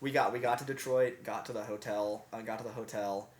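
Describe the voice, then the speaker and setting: A young man, a band member, telling animated, laughing stories in a casual chat in a living room. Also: fairly low pitch, fairly quick. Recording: roomy echo.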